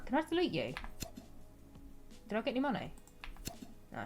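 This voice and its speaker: A woman's voice: a little high, wildly swooping pitch, fairly quick, long pauses, a little mellow, faint music behind. A young woman streaming a game, chatting casually, giggling and reading chat aloud.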